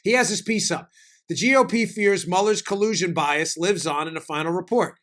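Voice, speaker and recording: Guy ranting on his political show, high bright voice, sarcastic and fast, answers his own questions. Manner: rapid, sarcastic, jokey and animated; mock questions and quick self-answers. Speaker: political talk show host. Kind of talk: fired-up political commentary.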